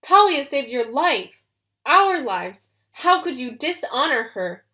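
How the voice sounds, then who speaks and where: A woman reading an audiobook, voicing an angry, fiercely loyal teenage girl who shouts her accusations. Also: high-pitched, big pitch swings, slow pace, voice pushed up, exaggerated voice.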